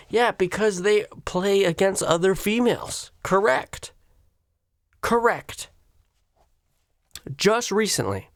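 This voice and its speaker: Solo podcast host, man, slow-paced crude sarcastic rants, dry close mic. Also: sits high, smooth, no room sound. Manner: crude, sarcastic, swings from loud outbursts to quiet.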